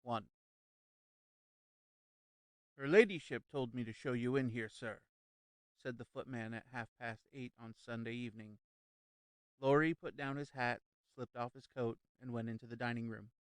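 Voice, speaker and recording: A man narrates a novel in a measured, even storytelling voice of middle pitch. His tone is smooth and clear, and the recording is close and dry, with no room sound. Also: no room sound. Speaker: audiobook narrator.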